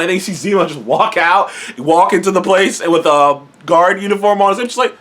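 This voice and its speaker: A man's voice: high-pitched, fast talker, hardly any pauses, fairly bright tone. A young man casually reviewing a TV episode, rambling and swearing freely. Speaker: TV show reviewer.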